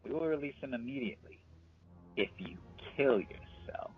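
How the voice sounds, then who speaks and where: A man's voice: mid-range voice, expressive, normal speed, phone-quality sound, soft background music, pitched above the performer's own voice, lightly acted. A man voicing a ruthless young man with mystic powers who gives cold, mocking commands. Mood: commanding.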